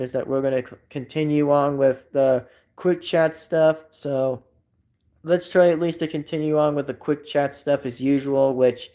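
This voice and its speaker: Man, slightly high voice, casual live stream chat, rambling, lots of fillers. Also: warm tone. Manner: rambling, repeats himself with many fillers.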